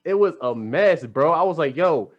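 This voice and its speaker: A man hosting a podcast, telling a long, animated story full of slang in casual chat. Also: a little high, normal speed, dull audio. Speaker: podcast host.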